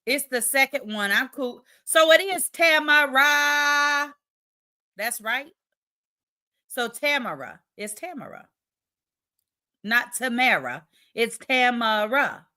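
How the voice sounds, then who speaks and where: Bright-voiced woman hosting a livestream. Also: sits high, animated, takes it slowly, pauses often. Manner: chatty, reads viewer comments aloud, playful. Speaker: livestream host. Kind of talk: casual livestream chat.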